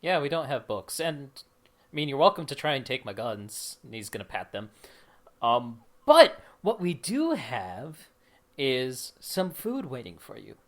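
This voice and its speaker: Slow-talking man playing a tabletop game. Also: mid-range voice, sing-song, a little hiss or hum. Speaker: player.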